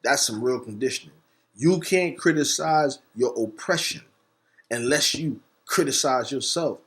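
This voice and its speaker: A man's voice: medium pitch, fairly bright tone. Emphatic man in a fiery monologue. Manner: emphatic, preacher-like, spells words out letter by letter; bursts of fast talk between slow stressed words. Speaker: host. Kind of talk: impassioned monologue.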